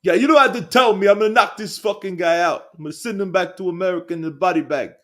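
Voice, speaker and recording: A man putting on a boastful British heavyweight boxer, with a shaky fake British accent, shouting fast threats. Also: high-pitched, pitched above the performer's own voice, lightly acted. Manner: shouting threats, quick and cocky.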